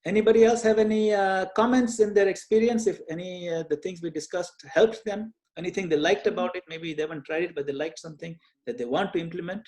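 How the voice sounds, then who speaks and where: A man leading a devotional Q&A over a video call, speaking gently and earnestly with frequent small hesitations. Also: high-pitched, steady tone, fast, hardly any pauses. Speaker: Q&A session leader. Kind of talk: online group Q&A, teaching.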